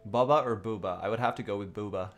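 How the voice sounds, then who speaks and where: An Australian man hosts a relaxed livestream chat from his home streaming setup. He talks slowly, his pitch swings up and down freely, and he keeps giggling and teasing his viewers. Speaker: livestream host.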